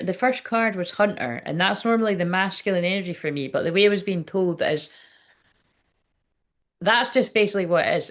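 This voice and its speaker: A woman giving a casual spoken tarot reading, chatty and rambling, with frequent swearing and lots of filler words. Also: on the low side. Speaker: tarot reader.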